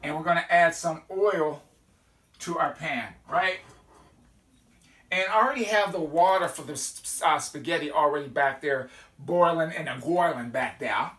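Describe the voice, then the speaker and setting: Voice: mid-range voice, normal speed, fairly bright tone. A cooking show host giving a casual, folksy demonstration at the stove, often checking in with "okay?" and letting out sudden whoops. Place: kitchen at a stove. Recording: echoey kitchen from a distant mic, with sizzling pans.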